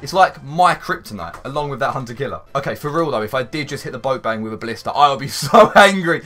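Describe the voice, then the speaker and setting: Lively, bright-voiced gamer guy. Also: mid-range voice, fast talker, slight background noise. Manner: excitable, rambling and sweary, with sudden shouts. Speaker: gaming YouTuber. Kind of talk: live gameplay commentary.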